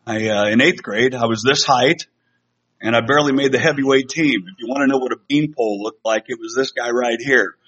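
In a church sanctuary, a middle-aged man delivers a sermon to his congregation in a conversational, self-deprecating style full of fillers and restarts. His medium-pitched voice is fairly bright and a little fast, and the lo-fi recording sounds slightly dull.

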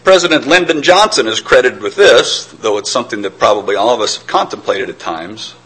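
A man's voice: medium pitch, brisk, sharp tone, slightly rough, low-quality recording. A middle-aged man preaching a sermon in an earnest, reflective way, sometimes stammering and restarting.

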